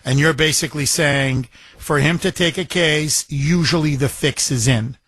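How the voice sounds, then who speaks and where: A man's voice: on the high side, normal speed, fairly bright tone, slightly rough, dry recording. A man hosting a call-in talk radio show, emphatic and combative, joking with his callers. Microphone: studio microphone.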